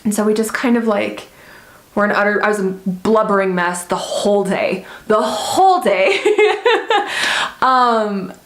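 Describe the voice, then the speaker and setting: A woman's voice: medium pitch, steady tone, normal speed, a bit bright. A young adult woman vlogging, telling a personal story in a chatty, rambling way with many fillers. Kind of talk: casual storytelling vlog. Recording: echoey room.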